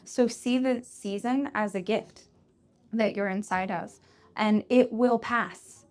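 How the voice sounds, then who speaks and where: A woman's voice: a little high, slow pace, a little mellow. A woman in her forties, a podcast host, giving advice to a live audience in a conversational coaching tone and acting out quoted voices. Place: live event before an audience.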